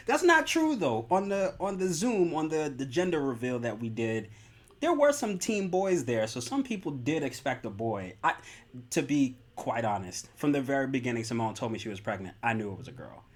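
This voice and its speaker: Animated young man telling a story. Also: mid-range voice, normal speed. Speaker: podcast co-host, expectant father. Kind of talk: casual podcast chat.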